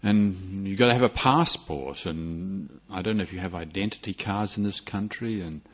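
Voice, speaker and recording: A man's voice: low-pitched, moderate pace. An older man, a Buddhist monk giving a reflective dharma talk with frequent restarts and light humor. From New Zealand. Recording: dull lo-fi recording.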